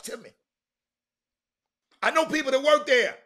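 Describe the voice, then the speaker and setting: A man hosting a casual livestream sports talk show, rambling and animated, with frequent restarts and fillers. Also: extremely high pitch, measured pace.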